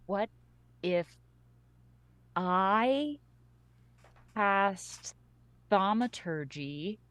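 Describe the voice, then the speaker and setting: A woman playing a tabletop game, eager and quick to laugh. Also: mid-range voice, lively intonation, fairly bright tone, smooth, dry recording. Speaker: player. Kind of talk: tabletop game play chat.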